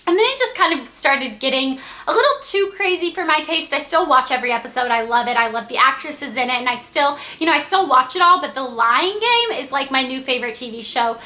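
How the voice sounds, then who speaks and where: A young woman from Georgia chats through viewer questions for her beauty vlog, rambling and filling gaps with "like" and "um." Her voice sits high and sounds bright and sparkly. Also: expressive, fairly quick, hardly any pauses. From Georgia, USA. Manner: chatty and rambling, full of "like" and "um". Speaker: beauty YouTuber. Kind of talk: casual Q&A vlog.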